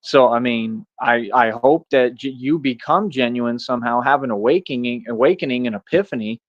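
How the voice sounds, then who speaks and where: A man's voice: mid-range voice, moderate pace, no room sound, muffled recording. A man streaming a confrontational monologue, firing off repeated rhetorical questions in a casual street-talk way. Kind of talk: ranting monologue to camera.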